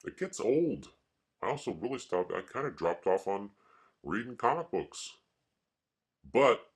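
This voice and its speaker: A man vlogging and rambling casually in a wry, mock-grumpy way. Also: low-pitched. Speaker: art vlogger.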